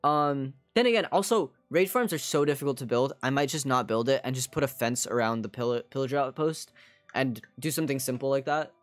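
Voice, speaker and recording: This man has a mid-range, animated voice and talks a little fast over soft background music on a dry recording. It's casual live gaming chat: he rambles to his viewers while streaming, peppering everything with "like."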